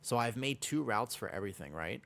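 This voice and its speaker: A man's voice: mid-range voice, animated, brisk, creaky, fairly bright tone. A man streaming a game and chatting casually with viewers while playing. He rambles and corrects himself often, and he has a sore throat and feels slightly sick. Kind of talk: casual livestream chat while gaming.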